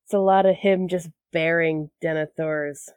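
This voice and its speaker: A woman's voice: lowish voice, steady tone, moderate pace, a little mellow, no echo. A woman guest on a podcast, chatting casually and plainly. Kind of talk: casual chat.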